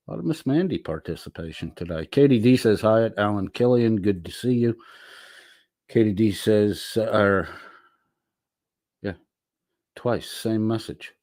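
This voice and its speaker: Reading and answering chat on his relaxed livestream, a middle-aged man trades slow, drawling, profane banter. His fairly low voice is a little mellow with lively intonation, and the studio recording is clean and dry.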